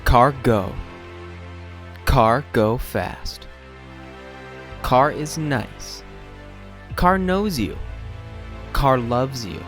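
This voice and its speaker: A man voicing a dim, caveman-like car ad announcer who speaks in slow, broken phrases. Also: medium pitch, animated, soft background music. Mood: clingy.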